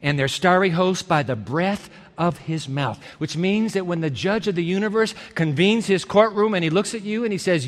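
A man preaching a sermon emphatically, repeating key phrases and swinging from quiet to loud. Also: high-pitched, moderate pace, hardly any pauses. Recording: hall reverb.

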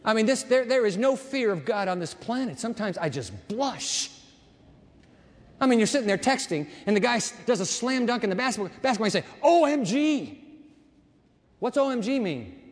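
A man preaching a sermon, reading Bible verses and breaking off into emphatic, animated asides. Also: high voice, fairly quick. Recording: long reverb of a large hall.

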